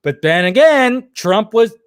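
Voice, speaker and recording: A man's voice: high voice, big pitch swings, unhurried, clear, resonant tone, no room sound, studio quality. A young man hosting a casual livestream, reading chat and rambling, jokey and full of swearing.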